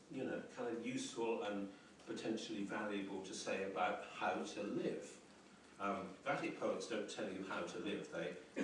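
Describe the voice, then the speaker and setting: A low-voiced man lecturing on poetry, pausing often with ums and circling back over his words in a thoughtful, unhurried way. He is heard from some distance in a strongly echoing lecture room, with a faint hum of room ambience underneath. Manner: hesitant, many ums and restarts, reflective. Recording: roomy echoey lecture hall, mic at a distance.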